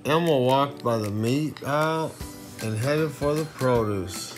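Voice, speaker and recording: A man's voice: medium pitch, a little slow, loud music behind the voice. A man reading a children's storybook aloud to his kids at bedtime, playful and teasing, with joking asides.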